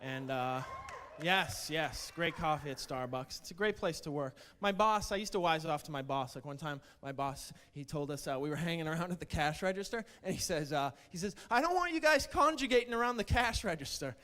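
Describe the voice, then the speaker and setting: A man's voice: on the high side, normal speed, a bit bright. A male stand-up comedian telling wry, self-mocking stories about old jobs, with stammered starts. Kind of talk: stand-up routine.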